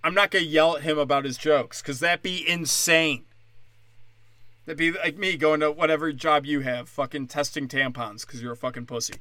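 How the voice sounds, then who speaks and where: Male comedian, podcast monologue, angry sarcastic profane rant, tense bright delivery in a dry booth. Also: on the high side, fairly even intonation, moderate pace, dry recording.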